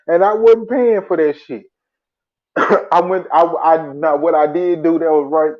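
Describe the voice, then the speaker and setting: A man's voice: high-pitched, normal speed. Profane laughing storyteller man, lo-fi.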